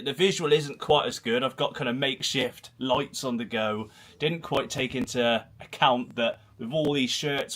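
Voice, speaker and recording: Hosting a football channel livestream from a small home room, a Herefordshire man in his thirties chats casually and reads viewer comments. He speaks with a Herefordshire and Gloucestershire accent in a medium-pitched, fairly bright voice, rambling and self-deprecating.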